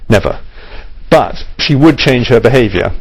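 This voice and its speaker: A man's voice: medium pitch, lively intonation, normal speed, slightly rough, rough recording. A man answering interview questions animatedly, with stammered restarts.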